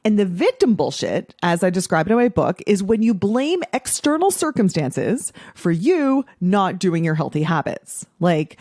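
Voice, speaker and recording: Woman podcast host, 40s, blunt and salty coaching talk, very animated pitch, dry close sound. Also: a little slow, hardly any pauses, dry recording. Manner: blunt, profane, playful. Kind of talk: casual podcast monologue.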